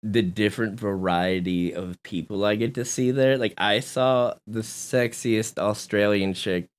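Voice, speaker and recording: A man's voice: lowish voice, measured pace, clear, resonant tone. A man hosting a casual home podcast, swearing freely and laughing often. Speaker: podcast host. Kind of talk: casual chat. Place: small home room.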